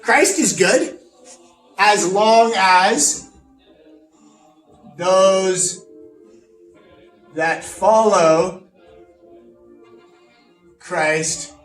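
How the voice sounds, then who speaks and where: A man's voice: high voice, drawn-out words, long pauses, a bit bright, far from the mic, full character voice. A man playing a pompous, boastful fascist in a comedic lesson skit, lecturing with smug self-importance. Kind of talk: comedic educational role-play. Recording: roomy echo, off-mic, faint music.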